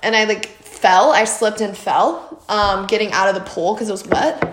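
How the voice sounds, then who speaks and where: A woman's voice: mid-range voice, moderate pace, noisy background. A woman from Mississippi telling a story in a casual podcast chat, laughing often and using lots of fillers. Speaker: podcast co-host. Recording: echoey room.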